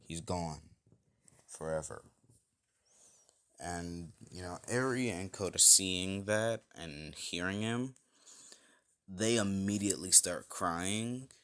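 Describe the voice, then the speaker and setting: A man's voice: sits low, slow pace, fairly bright tone, clean tone. A man casually retelling an improvised fan story, rambling with many fillers and self-corrections.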